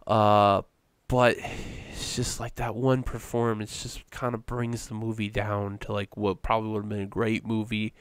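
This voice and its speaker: A man co-hosting a casual podcast, his voice low-set and smooth. He rambles along with fillers and restarts, and the sound is dry and close. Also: flat delivery, moderate pace, few pauses, dry recording. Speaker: podcast co-host. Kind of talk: casual chat.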